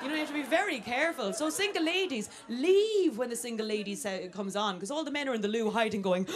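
A woman's voice: high-pitched, lively intonation, brisk, a crowd in the background. A young Irish woman hosting a live stand-up comedy night, chatty and self-mocking, breaking into squealed exclamations. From Ireland. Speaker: comedy host. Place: live comedy venue with audience. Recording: live stage recording with audience noise.

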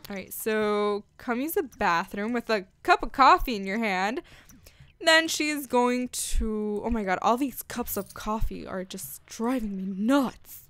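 A woman's voice: fairly high pitch, lively intonation, measured pace, fairly bright tone, no echo. Bubbly woman narrating her gameplay. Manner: bubbly, gushing, chatty with lots of "like" and "freaking". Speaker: gaming channel host. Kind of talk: casual let's-play commentary.

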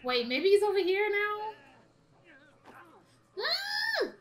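A woman's voice: high voice, lively intonation, unhurried, pushed and bright. A woman doing let's-play commentary, who swears and laughs as she talks to the game. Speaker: gaming YouTuber.

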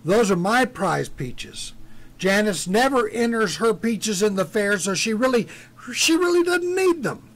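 A man's voice: high-pitched, big pitch swings, a little slow, voice pushed up, full character voice. A man voicing a brash, greedy, self-righteous peach grower who talks in an indignant, blustering way. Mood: defiant.

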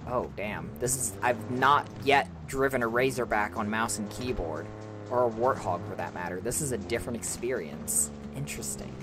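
A woman's voice: extremely low pitch, moderate pace, music in the background. A woman streaming a game, chatting with her viewers, joking and laughing often. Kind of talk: casual gaming stream commentary.

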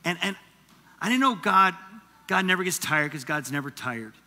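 Bright, high-voiced preacher in a big hall. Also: male voice, moderate pace. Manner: animated, conversational preaching with asides. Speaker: teaching pastor. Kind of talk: sermon. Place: church auditorium.

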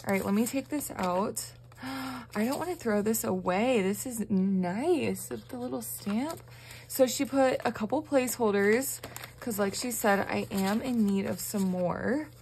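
A young woman, chatting to her viewers as she opens fan mail, gushing and excitable with frequent gasps. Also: on the high side, measured pace, slight background noise. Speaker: budgeting vlogger. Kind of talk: casual vlog chat to viewers.

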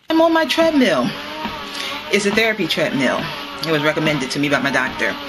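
A woman's voice: sits low, huge pitch swings, a little fast, music in the background, rough recording. A woman vlogging casually to her viewers while walking on a treadmill at home, slightly winded, recorded on a handheld camera. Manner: chatty, addresses viewers as y'all, laughs often.

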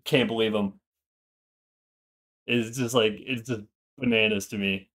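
This streamer, a young ex-Marine from Minnesota, USA, with a faint local accent, chats profanely and rambles while gaming. His voice sits lowish, steady and a little slow, with a fairly bright tone.

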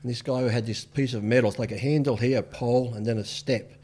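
A man's voice: mid-range voice, steady tone, darkish tone. A man in his fifties, a podcast guest telling casual stories, swearing freely and acting out what people said. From Australia. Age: 50s. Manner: rapid, laid-back, swears freely, acts out quotes. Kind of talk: casual storytelling interview.

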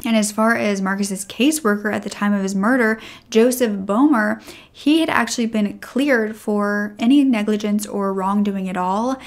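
A woman hosting and narrating a true crime story in a measured, somber way. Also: mid-range voice.

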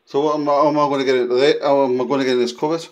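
A man chatting casually on a vlog, rambling and restarting as he tells a story while filming his own flat. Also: medium pitch, rapid-fire. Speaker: vlogger.

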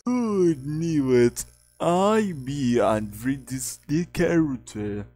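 A man voicing a big, goofy male cat-like creature, loud and drawn-out. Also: on the high side, lively intonation, heavily acted.

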